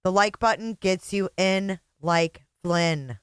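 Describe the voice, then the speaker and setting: A woman's voice: medium pitch, extremely slow, long pauses, clear, resonant tone, no room sound, studio quality. A woman hosting a livestream, chatting casually, sarcastic and mocking, often laughing. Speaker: livestream host.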